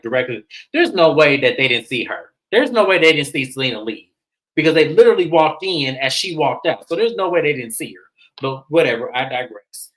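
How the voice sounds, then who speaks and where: A woman's voice: deep voice, rough recording. A woman hosting a casual recap show, talking bluntly with plenty of profanity. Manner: blunt and profane, acts out quotes in animated voices. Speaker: show host reviewing a reality series.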